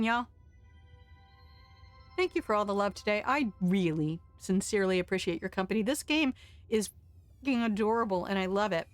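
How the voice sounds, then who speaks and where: A woman's voice: medium pitch, lively intonation, brisk, pauses often, no echo, soft background music. A woman from Delaware streaming a story game live, reading aloud in a playful, chatty way and swearing freely. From Delaware, USA.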